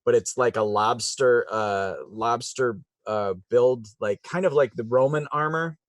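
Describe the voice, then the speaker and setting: A man's voice: mid-range voice, a little slow, no echo. A man running a tabletop game as game master, describing the scene in a rambling way with lots of fillers. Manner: rambling, with many fillers, laughing often.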